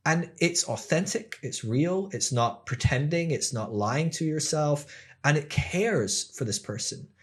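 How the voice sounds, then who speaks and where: A man on a podcast as the guest, explaining ideas in casual chat, animated and acting out quoted voices, with frequent fillers. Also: fairly high pitch, unhurried.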